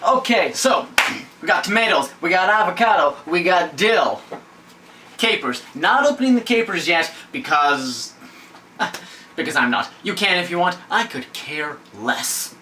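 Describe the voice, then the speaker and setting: A man's voice: high voice, expressive, unhurried, bright, forceful tone. A man hosting a casual home cooking demo, rambling and cracking goofy jokes. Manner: rambling, goofy, joke-telling. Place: home kitchen. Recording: voice from a distance, faint kitchen noise.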